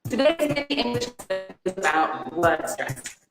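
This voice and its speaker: A woman narrating a scripted pronunciation lesson in a lively voice that swoops up on stressed words. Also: medium pitch, normal speed. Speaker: pronunciation teacher in a video. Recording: echoey room with music behind.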